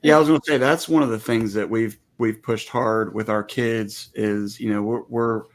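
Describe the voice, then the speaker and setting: A man's voice: on the low side, fairly even intonation, moderate pace. A man guest in a casual chat, talking about farm life in an earnest, reflective way. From American. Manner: earnest, reflective, faith-minded talk. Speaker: guest homesteader.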